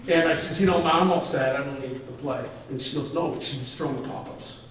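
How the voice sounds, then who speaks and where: A man's voice: medium pitch, brisk, a little hiss or hum. A man in his fifties giving a rambling, self-deprecating hall of fame acceptance speech at a banquet dinner. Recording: echoey banquet hall from far off.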